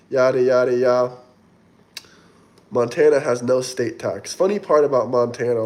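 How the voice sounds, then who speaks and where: A man talking casually on a livestream, reading out viewer comments and answering them in a loose, rambling way. His voice sits at a middle pitch for a man, easygoing and conversational. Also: a little mellow. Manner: chatty, rambling, reads viewer comments aloud. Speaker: livestream host reading chat.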